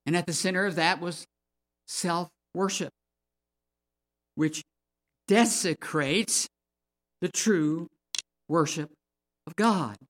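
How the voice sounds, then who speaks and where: Slow, emphatic male preacher. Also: fairly high pitch, steady tone, a bit bright. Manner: slow, emphatic, rising in force on key words. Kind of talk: sermon with Bible reading.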